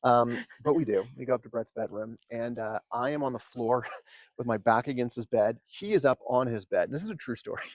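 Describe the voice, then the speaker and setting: A man telling long, animated stories in casual chat, swearing freely and acting out what people said. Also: medium pitch, fairly quick, no room sound. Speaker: podcast guest. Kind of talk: casual storytelling.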